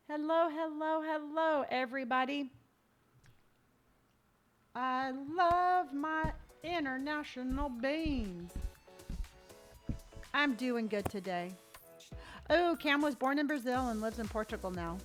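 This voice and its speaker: A woman's voice: high-pitched, a bit bright. Upbeat woman streamer from Southern California. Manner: chatty, upbeat, reads viewer comments aloud. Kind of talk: live game stream chat.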